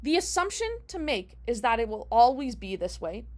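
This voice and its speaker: A woman's voice: fairly high pitch, sing-song, moderate pace. Chatty young woman teaching a lesson. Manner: chatty, repeats and restarts, rhetorical questions. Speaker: rabbinical student teaching Hebrew. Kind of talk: casual explanatory lesson.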